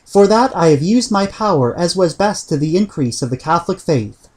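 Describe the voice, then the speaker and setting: A man's voice: sits high, animated, normal speed, darkish tone. A man voicing a grieving medieval Danish knight in an audiobook reading, with solemn, old-fashioned speech. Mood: grieving prayer. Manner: archaic, solemn prayerful speech.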